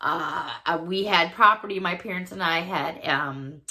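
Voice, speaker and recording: A woman's voice: lowish voice, a little slow, sharp tone, a little hiss or hum. A woman from Chicago chatting casually as a vlogger, gushing and laughing often as she goes through her mail. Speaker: vlogger opening fan mail. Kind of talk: casual chat.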